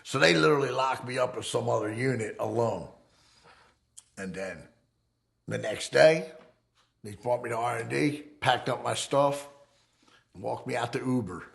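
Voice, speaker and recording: A middle-aged man from the United States, an ex-convict telling his life story in a casual, profane, animated way, acting out the voices he quotes. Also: medium pitch, normal speed, creaky, long pauses.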